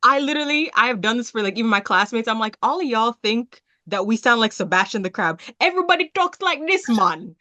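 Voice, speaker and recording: Podcast host: young Jamaican woman, animated storyteller, dry close sound. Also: a little high, fast, hardly any pauses, no room sound. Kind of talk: casual chat.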